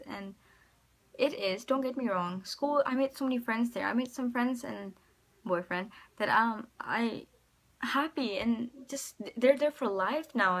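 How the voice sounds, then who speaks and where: American woman, casual vlogger, mid-pitched, talks in halting rambly bursts, full of ums. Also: fairly bright tone. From United States. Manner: rambling and hesitant, many ums and restarts. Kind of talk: casual personal storytelling to camera.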